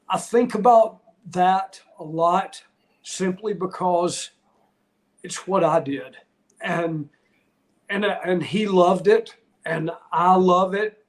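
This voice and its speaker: A retired wrestler, middle-aged, tells stories as a podcast guest in a casual interview, candid, heartfelt and rambling, with frequent restarts. His voice sits slightly high.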